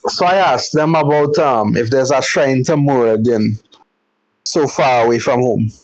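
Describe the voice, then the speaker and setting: A man playing a tabletop game, speaking in a hesitant, halting way. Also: mid-range voice, dry recording. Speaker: player. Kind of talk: casual game chat. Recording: dull dry lo-fi mic.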